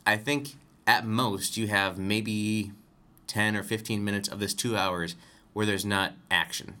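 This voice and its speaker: On a podcast, a co-host whose voice sits on the low side talks a little slowly, steady and sharp in tone. He chats about a film casually, rambles, corrects himself as he goes, and laughs easily.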